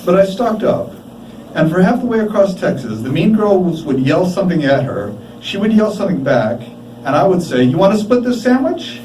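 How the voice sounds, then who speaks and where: A man giving a live reading of his prose, measured and deliberate, with dramatic pauses. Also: fairly high pitch, animated, darkish tone, a little hiss or hum. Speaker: writer reading his work. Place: bar, live event. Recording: echoey bar from a distant mic. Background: faint room ambience.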